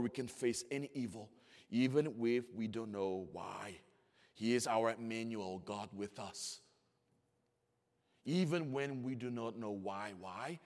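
Man, 40s, pastor, sermon, hushed to booming, slightly non-native phrasing, long hall echo. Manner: swings from hushed, near-whispered storytelling to loud, rising emphatic preaching.

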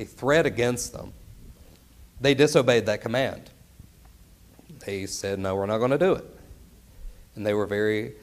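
A man preaching a sermon in an earnest, emphatic way, often turning to his listeners with rhetorical questions. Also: mid-range voice.

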